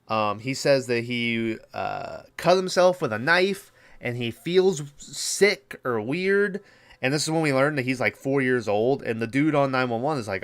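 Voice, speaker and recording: A man's voice: medium pitch, expressive, moderate pace, fairly bright tone. Man, podcast host, casual movie recap, rambling, swears a lot, lots of ums and likes. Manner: rambling, profane, many fillers.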